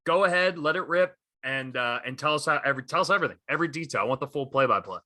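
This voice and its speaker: A man co-hosts a casual sports podcast, talking with eager energy and plenty of "um"s and "you know"s. His voice is bright and forceful. The mic is close and dry, with no room sound. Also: on the high side, racing, no echo. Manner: enthusiastic, animated retelling of stories. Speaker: podcast co-host.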